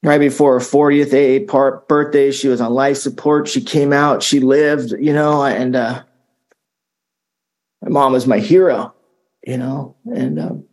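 A middle-aged man telling his recovery story in a casual, halting way, often repeating words and saying "man" and "dude". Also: mid-range voice, fairly even intonation, a little mellow. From Southern California. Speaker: speaker sharing recovery story. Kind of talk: recovery talk.

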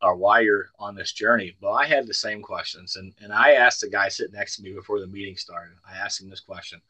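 A man's voice: on the low side, fairly quick, sharp tone, no echo, poor audio. A man in his sixties from the Ozark Mountains tells his recovery story at a meeting over a video call, in a folksy, plainspoken way with dry humor. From Ozark Mountains, United States. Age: 60s. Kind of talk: personal testimony at a recovery meeting.

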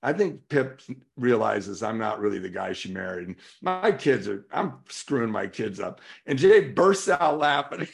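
A man's voice: lowish voice, big pitch swings, measured pace, vocal fry. A middle-aged man from California giving a candid personal recovery talk at a convention, telling stories and acting out what others said. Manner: candid storytelling, acting out quoted voices. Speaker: recovery speaker. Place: convention hall.

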